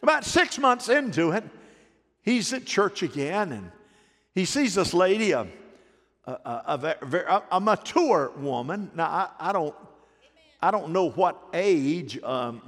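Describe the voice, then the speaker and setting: A man's voice: on the high side, in a large hall. A man preaching a sermon, telling stories and calling on the congregation to answer him. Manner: storytelling, calls on the congregation to respond. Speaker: pastor. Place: church.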